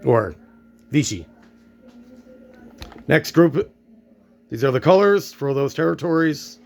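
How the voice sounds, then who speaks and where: A man's voice: a little high, animated, takes it slowly, gravelly. A man narrating his own board game play-through, thinking aloud and reacting to dice rolls.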